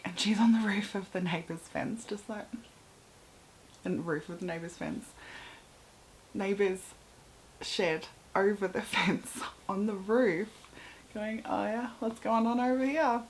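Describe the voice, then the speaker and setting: A young woman with an Australian accent telling personal stories in a casual, chatty way, full of fillers and often sinking into a soft, breathy half-whisper. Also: mid-range voice, slight background noise, poor audio. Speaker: vlogger.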